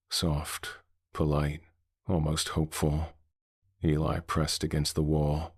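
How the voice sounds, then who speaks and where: Male horror narrator, extremely deep, husky, measured and ominous. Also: completely flat delivery, dry recording, clean studio sound. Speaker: horror storyteller.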